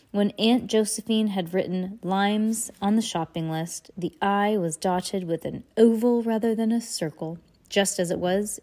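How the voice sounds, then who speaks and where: A woman's voice: fairly low pitch, darkish tone. A woman reading a novel aloud in a casual way, stumbling and correcting words as she goes. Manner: reads aloud haltingly, stops to comment and laugh. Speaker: reader. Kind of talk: casual read-aloud with asides.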